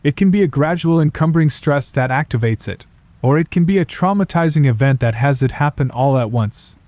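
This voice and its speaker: A man's voice: on the high side, lively intonation, a little fast, a little mellow, no room sound, close to an everyday voice. A man voicing a blunt young psychology student who answers in a dry, dismissive, lecturing way. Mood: sardonic.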